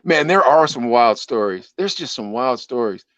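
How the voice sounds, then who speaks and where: A man co-hosting a podcast who tells animated stories and laughs through them. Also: medium pitch, moderate pace, dry recording, highs cut off. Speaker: podcast co-host, former radio DJ. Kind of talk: casual chat, storytelling.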